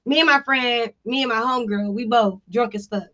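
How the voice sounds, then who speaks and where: A woman with a high-pitched voice tells a personal story on a podcast. Her tone is bright and clear, and she is loose and profane. She keeps it animated and full of laughter. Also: brisk. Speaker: podcast co-host. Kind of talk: casual storytelling chat.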